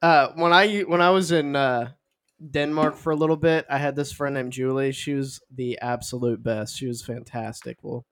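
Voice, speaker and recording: A man's voice: mid-range voice, steady tone, moderate pace, a bit bright. A man with a Southern US accent, telling playful stories in a casual chat and giggling often.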